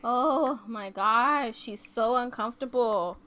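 Brief: woman gaming YouTuber, high voice, giggly, slow chatty commentary. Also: fairly bright tone. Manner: chatty, giggly, exclaims often. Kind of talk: casual let's-play commentary. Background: faint game music.

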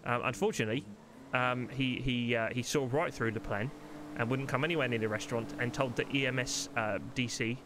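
A man's voice: medium pitch, fairly even intonation, brisk, hardly any pauses, background noise. A man playing a bumbling detective who stammers and rambles, sometimes faking a silly Italian pizza-man voice. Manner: stammering, rambling, jokey mock-Italian words. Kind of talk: roleplay in a game.

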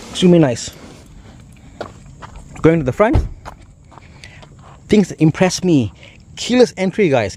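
A man's voice: a little high, dark tone, slight background noise. Enthusiastic Malaysian man reviewing a car. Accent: Malaysian English. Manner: enthusiastic, exclamatory, chatty. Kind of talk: casual car walkaround.

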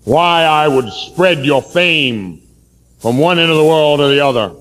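Man doing a smooth wheedling devil, coaxing, roomy echo. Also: fairly high pitch, expressive, unhurried, a bit bright. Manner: coaxing, persuasive.

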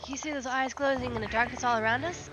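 A woman's voice: high-pitched, fairly even intonation, fast, noisy background, lightly acted. Brave lioness read aloud by a woman over game music. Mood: earnest. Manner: reads dialogue aloud in her own everyday voice. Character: brave young lioness, protective and determined.

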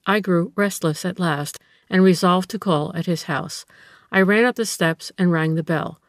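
A woman reading a classic story aloud in steady, measured narration. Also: fairly low pitch, no echo, clean studio sound. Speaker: audiobook reader.

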